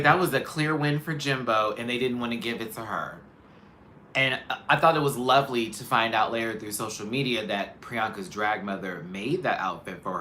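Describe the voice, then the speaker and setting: A man hosting a live show, giving sassy, animated, candid commentary in a casual chat. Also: medium pitch, a little hiss or hum. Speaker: host.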